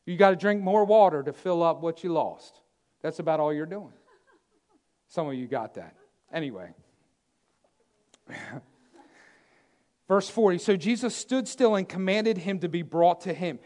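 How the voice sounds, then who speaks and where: A man preaching a sermon, emphatic and repetitive, swinging between loud declarations and hushed asides. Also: high-pitched, animated, unhurried, pauses often.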